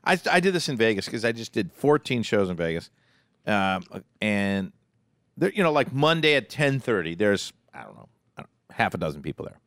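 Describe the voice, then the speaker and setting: A man who hosts a podcast and does stand-up, telling stories in a gravelly voice with lots of swearing. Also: lowish voice, brisk, dry recording, clean studio sound. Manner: animated, acts out his stories, swears. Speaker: podcast host and stand-up comedian. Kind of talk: casual podcast chat.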